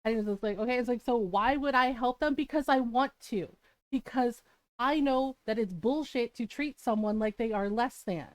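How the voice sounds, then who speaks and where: A woman's voice: fairly high pitch, moderate pace, no echo. A young adult woman streamer telling a story in a casual, blunt way, swearing freely and laughing between lines.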